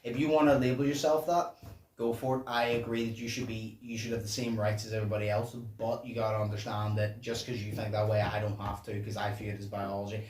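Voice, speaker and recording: A man's voice: level tone, fast talker, darkish tone. Laid-back young man, roomy distant sound. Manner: casual and profane, talks low and paraphrases the lyrics. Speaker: reaction channel host. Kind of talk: casual reaction commentary. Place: home room at night. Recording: echoey room, distant mic, faint noise.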